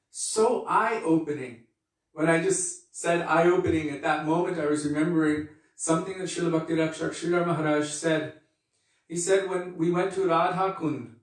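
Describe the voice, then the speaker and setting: Male spiritual teacher, measured devotional talk, repeats phrases, distant and echoey. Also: a little high. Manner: earnest, unhurried, repeats phrases for emphasis. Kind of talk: devotional lecture.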